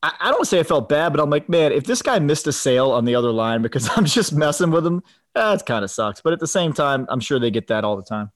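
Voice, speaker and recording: A man's voice: a little high, big pitch swings, quick pace. A man co-hosting a casual podcast, telling a story and acting out both sides of a phone call. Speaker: podcast co-host. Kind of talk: casual chat.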